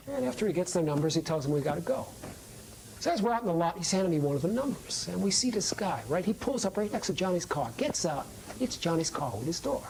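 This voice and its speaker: Lively streetwise woman storyteller. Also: fairly low pitch, noisy background. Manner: streetwise, conversational, dropping to whispers. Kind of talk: first-person storytelling monologue.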